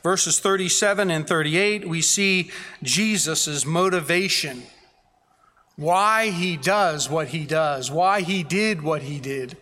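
A man's voice: on the high side, slow, sharp tone, big-room sound. A man preaching a sermon as a pastor, earnest, building emphasis through repeated phrases.

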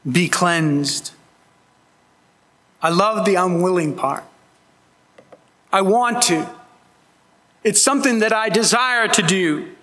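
A man's voice: sits high, animated, unhurried, long pauses, pushed and bright. A man preaching a sermon as pastor, earnest and emphatic, pleading with his listeners. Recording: long hall reverb.

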